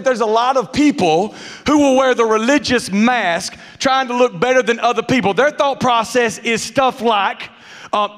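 A high-voiced pastor delivers a lively sermon from a church stage, slipping into mocking character voices as he goes. His words ring out with a long hall reverb around them. The delivery is playful and animated. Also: normal speed. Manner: animated, acts out mask characters with funny voices. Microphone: muffled through a mask.

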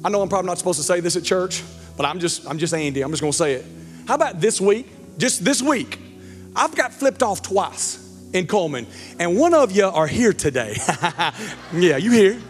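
Pastor guy in his 40s, high bouncy voice, jokes around, stumbles on words, echoey church hall. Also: moderate pace. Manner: animated, joking asides, stumbles over words. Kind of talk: sermon. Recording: church hall reverb with faint music.

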